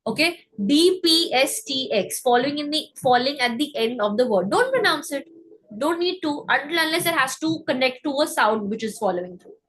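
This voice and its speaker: A woman giving a live online French class, breaking words down and repeating them slowly, often checking in with "okay?". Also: sits high, expressive, fairly bright tone, low-quality recording. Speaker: French teacher.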